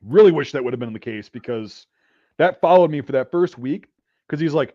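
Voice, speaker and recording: A man hosting a casual talk, telling a profane story and acting out drill sergeants' shouts. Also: a little high, lively intonation, normal speed, no room sound, lo-fi sound. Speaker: podcast host.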